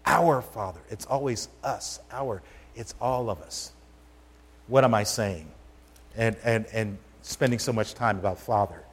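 A man's voice: fairly low pitch, measured pace, slightly rough. A man preaching a sermon to a congregation in a conversational, emphatic way, often asking them questions. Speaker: pastor. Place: church sanctuary. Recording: long hall reverb.

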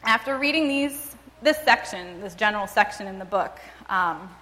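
A woman reading a first-person story aloud in a measured, dramatic storytelling manner. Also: mid-range voice, lively intonation, sharp tone. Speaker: reader and speaker. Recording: long reverb, as in a large hall.

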